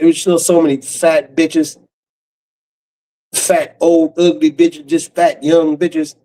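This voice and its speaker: Gravelly man ranting bluntly. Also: a little high, dark tone, low-quality recording. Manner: blunt, cursing, harsh. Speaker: streamer. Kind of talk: profane casual rant.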